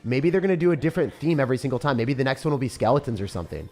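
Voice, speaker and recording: A young man giving casual, excitable gameplay commentary, often breaking into disbelief and calling the listener dude or bro. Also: mid-range voice, rapid-fire, faint music behind. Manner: excitable, frequent disbelief outbursts, calls viewers dude and bro. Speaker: gaming creator.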